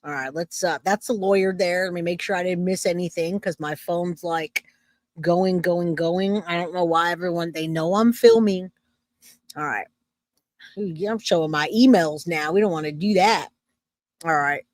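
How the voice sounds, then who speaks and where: A woman's voice: lowish voice, moderate pace, no echo. A woman hosting a true crime livestream, chatting loosely with her viewers and reading comments aloud. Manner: loose and chatty, self-interrupting, laughs easily.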